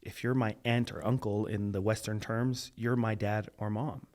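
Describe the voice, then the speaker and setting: A man who is a guest and a political candidate, giving calm, earnest interview answers. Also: lowish voice, normal speed. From Tongan family, raised in Utah.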